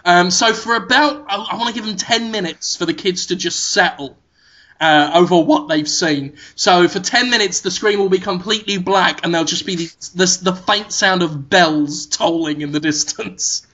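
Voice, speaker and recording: Man, comedy host, high voice, rambling deadpan storyteller, lo-fi muffled audio. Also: moderate pace. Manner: rambling, deadpan absurd pitch with frequent "like" and "um". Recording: muffled lo-fi recording.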